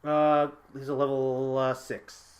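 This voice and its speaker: A man playing a tabletop game, hesitant and halting as he looks up rules and spells. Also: mid-range voice, little pitch movement. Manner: hesitant, many fillers and restarts while looking up rules. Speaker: player.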